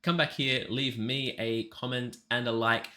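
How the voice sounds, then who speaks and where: A man's voice: medium pitch, fairly even intonation, unhurried, bright, forceful tone. A man hosting a music reaction video, talking casually and gushing with enthusiasm. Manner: gushing, enthusiastic, chatty with fillers.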